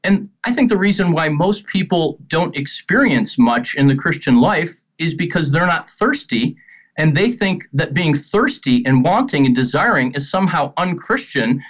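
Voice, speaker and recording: A middle-aged man speaking earnestly about faith, telling stories with animated, acted-out quotes. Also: on the high side, moderate pace. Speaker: ministry guest speaker. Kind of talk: earnest spoken teaching on faith. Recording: dull lo-fi sound.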